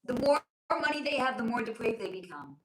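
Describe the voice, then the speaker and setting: Losing her voice, a hoarse livestream host chats her way through viewer comments, calling people honey and sweetie and cursing freely. Her fairly high voice swings widely in pitch, runs fairly quick, and sounds a bit bright. A little hiss or hum sits under a roomy echo.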